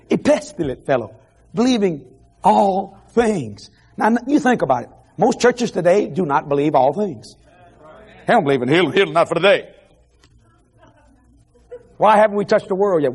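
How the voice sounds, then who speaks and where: Animated laughing preacher man. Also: high-pitched, moderate pace, pauses often, slightly rough. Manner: animated, laughing, shouting asides to the crowd. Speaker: television preacher. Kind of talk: lively evangelical sermon. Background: faint congregation crowd.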